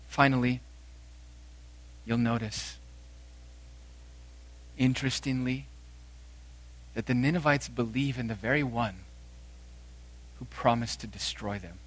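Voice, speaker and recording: Forceful, emphatic male preacher. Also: fairly even intonation, takes it slowly, pauses often. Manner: dramatic swings from loud emphatic declarations to quiet low phrases. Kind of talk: sermon.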